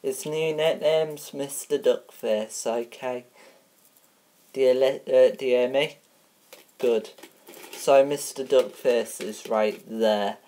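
A woman's voice: extremely low pitch, fairly even intonation, slow pace, dark tone. A woman hosting a mock TV show in a playful, rambling way, teasing and sing-song, with plenty of filler sounds. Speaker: show host.

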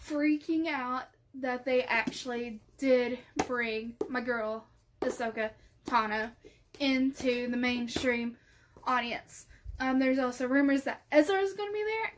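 A woman book vlogger chatting casually and gushing excitedly, often trailing off into soft asides. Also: sits high, takes it slowly. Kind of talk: casual chat.

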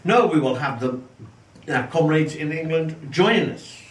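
A man with a slightly high, very lively voice talks politics in a loose, ironic ramble full of ums and restarts. He sits some way back from the mic in an echoey room. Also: normal speed, recorded from a distance. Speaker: podcast co-host. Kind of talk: casual political banter.

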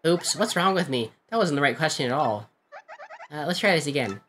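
A man voicing a sassy doorkeeper in a game, bouncy and quick. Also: on the high side, animated, pushed and bright, slight background noise, pitched above the performer's own voice.

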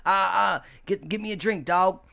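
A man putting on a loud, brash southern guy. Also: sits high, normal speed, gravelly, voice pushed up, heavily acted. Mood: rowdy. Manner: drawling, calls everyone dog.

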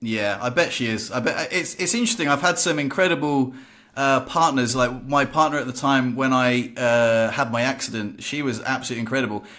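A man hosts a casual podcast conversation, telling stories frankly and laughing at himself. His voice is bright and forceful, with an edge to it, at an ordinary pitch. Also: brisk. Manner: frank, lively storyteller who laughs at himself. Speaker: podcast host.

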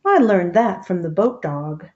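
A woman reading a storybook voices a plucky little hen, proud and feisty, barely shifted from her own mellow reading voice. The sound is dull and lo-fi. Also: fairly low pitch, sing-song, a little slow. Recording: dull lo-fi recording.

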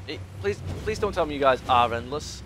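A man's voice: a little high, animated, fairly quick, noisy background. A young man talking through a video game, chatting to the enemies and muttering asides. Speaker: gaming YouTuber. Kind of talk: let's play commentary.

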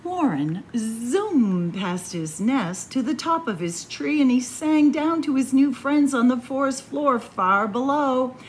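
A woman, a children's librarian, reading a picture book aloud to kids in a slow, expressive storytelling voice. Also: high voice, a little hiss or hum.

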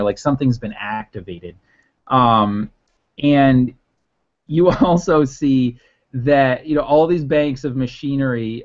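A man's voice: mid-range voice, darkish tone. A man narrating a tabletop game as game master, rambling with many fillers. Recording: dull lo-fi audio.

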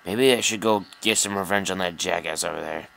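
Gravelly and deep, with a fairly bright tone, a young gameplay commentator talks a little fast over a flight combat game. He's casual and frustrated, muttering and cursing at the enemies in this live commentary, with slight background noise behind him.

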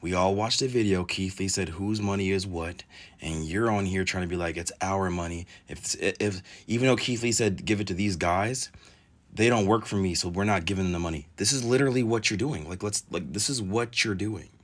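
A man's voice: low-pitched, fairly quick. A man giving sarcastic, incredulous reaction commentary as a video host. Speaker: commentary YouTuber.

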